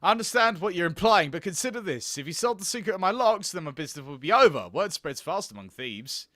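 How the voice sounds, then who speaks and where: A man's voice: high-pitched, big pitch swings, fast talker, pushed and bright, no echo, clean studio sound, exaggerated voice. A man voicing a proud, stubborn old master locksmith who grumbles about never getting paid, in a video game. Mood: defensive grumbling.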